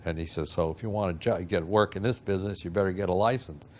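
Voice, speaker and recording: A man's voice: sits low, fast talker, a little mellow, slight background noise. An older man telling a story from his youth in an archival interview, rambling and acting out the people he quotes.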